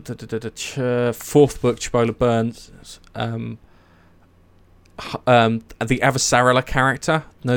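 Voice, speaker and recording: A man's voice: medium pitch, clear, resonant tone, no room sound. A man chatting casually and eagerly about a series, rambling with many fillers and restarts. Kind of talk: casual chat.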